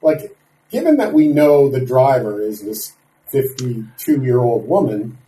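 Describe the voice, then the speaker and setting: A soft-spoken man, a guest on a podcast, whose sentences trail off quietly. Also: mid-range voice, big pitch swings, unhurried. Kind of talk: casual chat. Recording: distant echoey remote mic.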